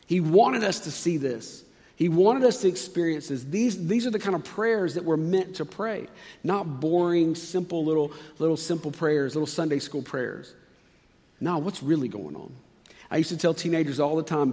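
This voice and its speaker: A man preaching a sermon earnestly, acting out prayers with sudden shifts between loud and quiet. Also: high voice, normal speed, big-room sound. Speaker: pastor.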